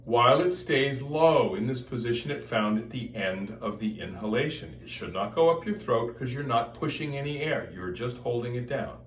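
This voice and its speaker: A man's voice: mid-range voice, lively intonation, normal speed, few pauses. A man giving a voice lesson, explaining step by step and breaking off to demonstrate vocal sounds. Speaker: voice teacher. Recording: roomy sound, mic at a distance, faint background noise.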